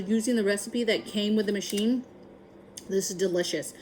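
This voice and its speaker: A woman hosting a casual how-to vlog, chatty and upbeat, often filling pauses with "um" and adding "right?" to her sentences. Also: mid-range voice, darkish tone, slight background noise, rough recording. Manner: chatty, frequent ums and tag questions; upbeat and enthusiastic. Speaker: prepping vlogger.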